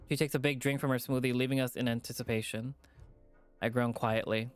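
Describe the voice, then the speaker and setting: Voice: mid-range voice, steady tone, fairly quick, smooth, faint music behind. A streamer reading a visual novel aloud with casual, profane asides.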